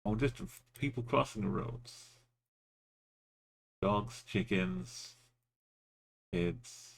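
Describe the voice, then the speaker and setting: A man's voice: lowish voice, sing-song, very slow, gravelly, breathy edge. A man streaming a geography game, musing aloud in short, offhand remarks as he plays. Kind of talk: casual commentary while playing.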